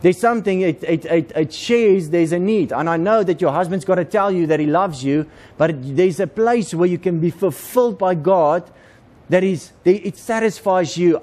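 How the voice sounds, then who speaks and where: A man's voice: sits high, normal speed, darkish tone. A man, preaching a conversational sermon to a congregation and repeating words as he goes.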